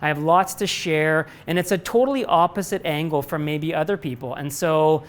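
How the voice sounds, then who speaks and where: A middle-aged man, president of a company, responds to students' questions during a live talk in a lecture room. He comes across as candid and rambling, with many restarts and casual profanity, speaking at normal speed in a voice on the high side.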